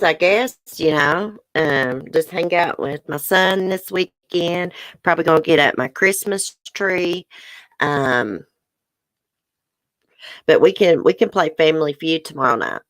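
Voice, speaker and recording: A middle-aged woman with a broad Southern US accent chats casually with her viewers on a livestream, laughing easily and tossing in "y'all." Her voice sits low for a woman. The sound is dry and close, with no room around it. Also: a bit bright, no echo. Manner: chatty, laughs often, says y'all. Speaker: livestream host. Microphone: webcam or phone close up.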